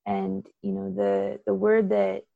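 A woman hosting an interview, speaking gently and haltingly, often repeating words as she gathers her thoughts. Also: medium pitch, monotone, vocal fry, no room sound, phone-quality sound. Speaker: interview host.

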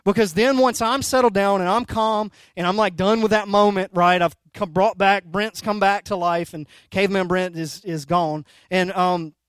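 A man in his thirties preaching a sermon as a pastor, telling stories in an animated way that swings from soft to loud, and often checking in with "right?" and "okay?". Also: high voice, normal speed, hardly any pauses, clean tone, no room sound.

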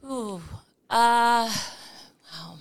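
A middle-aged woman telling a story as an interview guest, animated and laughing, with many fillers. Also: a little high, very slow. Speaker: coffee company founder, interview guest.

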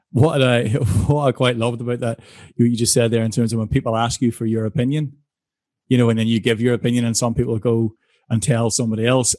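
A man's voice: medium pitch, a little mellow, no room sound, clean studio sound. A man hosting a podcast interview, reflecting on what the guest said and asking follow-up questions. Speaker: podcast host. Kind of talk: interview conversation.

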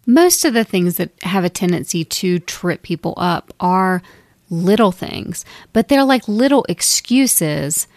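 A woman co-hosting a podcast as a medium, talking casually with many fillers and lively quoted asides. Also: on the low side, measured pace, no room sound. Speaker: podcast co-host, psychic medium.

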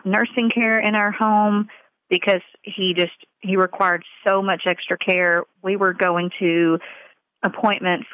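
A woman speaking in an interview as a mother, earnest and halting, with many fillers, on slightly muffled audio. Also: fairly low pitch, no room sound. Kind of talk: emotional personal interview.

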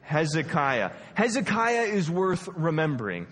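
High-voiced man teaching a lively Bible lesson. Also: a little slow, long reverb tail. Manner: lively storytelling, acting out quotes.

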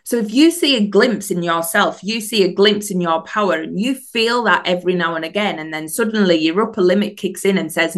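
A woman's voice: lowish voice, brisk, few pauses. Encouraging woman coaching on mindset. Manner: earnest, encouraging, rhetorical questions. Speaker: mindset coach, podcast host. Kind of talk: solo motivational podcast talk.

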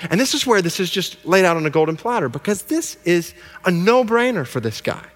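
A man preaching a sermon, telling the story in a lively way and acting out the people in it. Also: sits high, brisk. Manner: animated storytelling, acts out characters. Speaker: pastor. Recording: long hall reverb.

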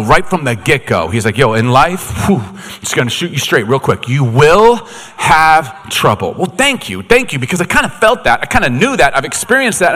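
A man's voice: on the high side, in a large hall. A man preaching a sermon, telling stories and acting out quotes with jokes along the way. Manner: animated storytelling, acts out quotes, joking. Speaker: pastor.

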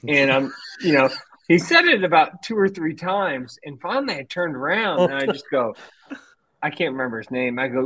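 A man's voice: fairly high pitch, very animated, moderate pace, fairly bright tone, rough recording. Man telling a fishing story, laughing. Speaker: podcast co-host. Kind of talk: casual storytelling chat.

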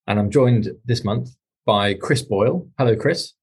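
Husky-voiced English podcast host, man. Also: lowish voice, a little mellow. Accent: English received pronunciation. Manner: measured, with frequent ums and restarts. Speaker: podcast host, employment lawyer. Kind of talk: hosted podcast discussion.

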